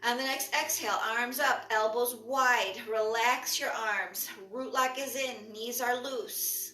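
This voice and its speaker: A woman instructor leading a breathwork and movement class with calm, short spoken cues paced to the breath. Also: fairly high pitch, slow pace, a little hiss or hum. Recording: echoey room from far off.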